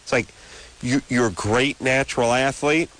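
A man's voice: medium pitch, normal speed, fairly bright tone, low-quality recording. A man in his thirties hosting a late-night radio call-in show, ranting in long, opinionated riffs. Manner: rambling, opinionated rants. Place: radio studio. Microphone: studio microphone.

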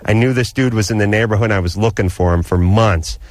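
A man on a radio call-in show, telling a rambling story in a casual, animated way and laughing as he goes. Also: on the low side, fast, no room sound. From Los Angeles area.

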